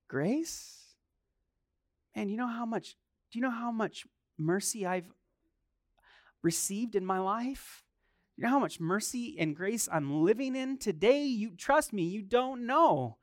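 A man's voice: high-pitched, fairly bright tone, no room sound, clean studio sound. A man preaching a sermon as a pastor, telling stories, asking rhetorical questions and acting out the voices he quotes.

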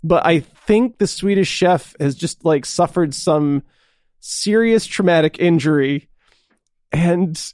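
A man's voice: fairly high pitch, slow pace, a little mellow, dry recording, studio quality. A man co-hosting a casual podcast chat, rambling and enthusiastic, swearing now and then. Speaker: podcast co-host.

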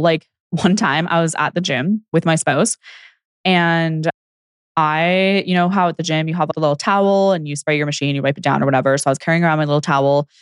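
Her voice is low-pitched, recorded in clean studio sound with no room around it. She's a young adult fitness coach hosting her podcast alone, chatting casually, leaning on "like," and acting out the people she quotes.

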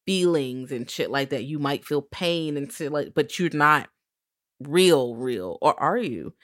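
A lively woman co-host, talking through a film in loose, profane chat and breaking into voiced quotes. Her voice sits fairly low for a woman. The sound is dry and close, with no room around it. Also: unhurried, dry recording. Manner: animated, profane, acts out quotes in shrieks. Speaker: podcast co-host. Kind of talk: casual film discussion.

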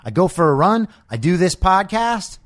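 Male podcast host, sarcastic profane rant, lively swinging pitch, somewhat high voice. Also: normal speed. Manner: combative, sarcastic, profane ranting. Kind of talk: political commentary monologue.

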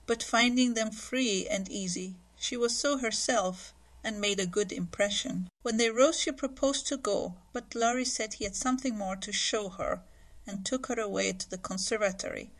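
A woman reading a classic novel aloud as a podcast narrator, with steady, clear storytelling. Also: mid-range voice, normal speed. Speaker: audiobook reader. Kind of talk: scripted narration.

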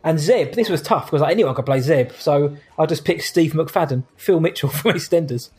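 A man's voice: a little high, expressive, normal speed, darkish tone. Man, co-hosting a laid-back podcast. He talks easily, laughing along and putting questions to his co-host. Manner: easygoing, laughs along, reads listener questions. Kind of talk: casual chat.

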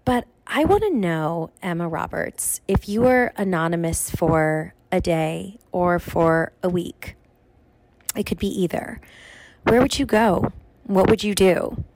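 A woman's voice: lowish voice, lively intonation, takes it slowly, darkish tone, no echo. A woman recording an affectionate, gushing video message with a question for a friend. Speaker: guest sending a recorded question.

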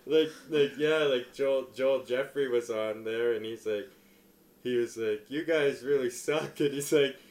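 Brief: casual comedian guy, filler-heavy, laughs through his story, dips quiet then bursts loud. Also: measured pace. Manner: laughs often, many "like" fillers, swings from low mumble to loud excited retelling. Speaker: stand-up comedian.

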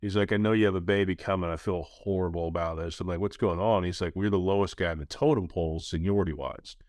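A man in his thirties hosting a casual podcast, telling stories in an animated way. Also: low voice, quick pace, no echo, studio quality. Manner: animated storyteller, acts out quoted voices. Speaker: podcast host.

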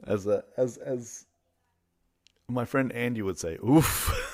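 A man's voice: medium pitch, slow pace, no echo, studio quality. A man with an Australian accent, co-hosting a podcast in playful casual chat and laughing often. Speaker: podcast co-host.

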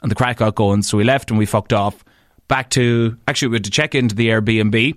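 A man with an Irish accent, a podcast and radio host, tells stories in a casual monologue. He swears freely and jumps up in pitch when he stresses a point. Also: a little fast, no room sound, clean studio sound. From Ireland. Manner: animated, swears freely, leaps up in pitch for emphasis.

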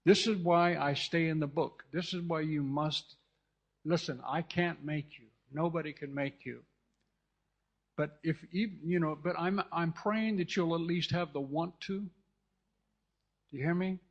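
A man's voice: a little high, fairly even intonation, unhurried. A man from California preaching a sermon with fervent, repetitive delivery, often restarting and turning to the congregation with asides. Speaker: pastor. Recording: dull lo-fi recording.

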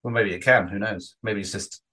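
A man's voice: on the low side, fairly even intonation, a little fast, bright, forceful tone. Rambling, easygoing podcast co-host man. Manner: rambling, restarts often, swears. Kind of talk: casual podcast chat.

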